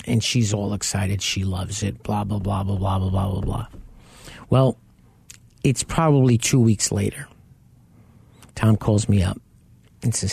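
A man's voice: on the low side, steady tone, normal speed, vocal fry, long pauses, a little mellow, breathy edge, dry recording. A man co-hosting a talk show about buying cars, telling anecdotes in a casual way and acting out what people said. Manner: storytelling, acts out quoted people. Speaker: co-host.

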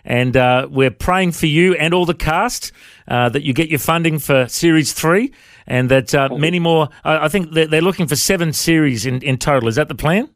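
A man's voice: a little high, moderate pace, dry recording, clean studio sound. A man hosting a faith radio interview, friendly and chatty. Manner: friendly, says mate a lot. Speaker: radio host.

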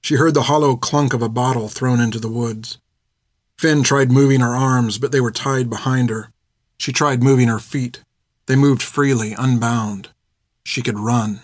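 A man narrates a novel chapter in a steady, measured way, his voice sitting at an ordinary middle pitch. He is recorded close to the mic, and the sound is dry and free of room echo. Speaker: audiobook narrator. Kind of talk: scripted narration.

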